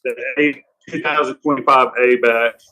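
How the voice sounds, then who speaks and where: A man's voice: mid-range voice, steady tone, normal speed, bright, forceful tone, rough recording. A man co-hosting a casual bourbon chat, chiming in with laid-back, teasing remarks. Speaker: co-host.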